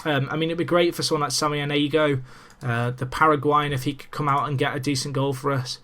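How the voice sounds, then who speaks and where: Young guy doing game commentary, chatty, gets excited, jokes at himself. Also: a little high, fast. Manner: chatty, excitable, self-mocking. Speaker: gaming commentator. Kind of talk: let's play commentary. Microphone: desk microphone.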